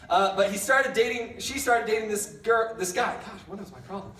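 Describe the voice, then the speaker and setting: A man's voice: sits high, big pitch swings, moderate pace, few pauses, a bit bright, echoey room, recorded from a distance. A young man giving a casual youth sermon, telling a rambling story with lots of fillers and self-deprecating jokes. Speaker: youth pastor. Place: large church hall.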